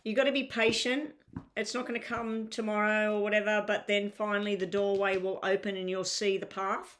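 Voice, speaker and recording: This is a tired-sounding woman doing tarot live, her crackling voice medium in pitch, a little bright, and delivered flatly and briskly. She chats casually with the viewers, fills her speech with filler, and keeps asking them to clarify their questions.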